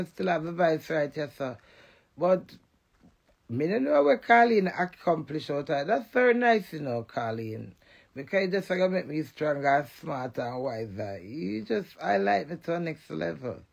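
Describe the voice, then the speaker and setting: A woman with a Jamaican accent ranting defiantly to the camera, swinging between loud outbursts and low mutters. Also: big pitch swings, normal speed, vocal fry. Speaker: vlogger. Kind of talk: emotional direct-to-camera rant.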